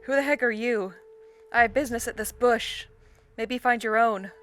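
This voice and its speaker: A woman's voice: fairly high pitch, normal speed, fairly bright tone, faint music behind, close to an everyday voice. A woman reading as a blunt, fierce troll girl. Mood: scornful. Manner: blunt, impatient and scornful.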